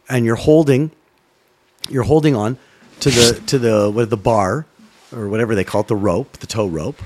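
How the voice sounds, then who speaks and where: A middle-aged man from Canada, a former sports broadcaster, telling a story in a casual chat, animated and swearing freely. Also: medium pitch, normal speed, background noise. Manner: animated, swearing, acts out voices in his stories.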